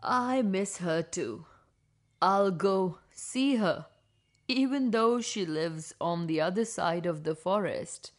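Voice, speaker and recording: A woman voicing a timid but clever old woman who pleads softly. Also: on the low side, takes it slowly, pitched below the performer's own voice. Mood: calm.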